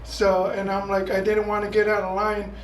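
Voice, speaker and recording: A man with a high voice tells a crude, indignant story as part of a stand-up set. He sounds far from the mic in a roomy, echoing space. Clear background noise sits behind him. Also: monotone, normal speed. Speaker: stand-up comic. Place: small theater with live audience.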